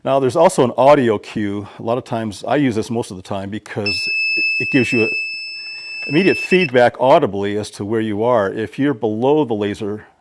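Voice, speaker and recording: A man's voice: mid-range voice, normal speed, very noisy. A man hosting his own DIY channel who gives a patient, plain-spoken how-to explanation. He often stammers and restarts his sentences.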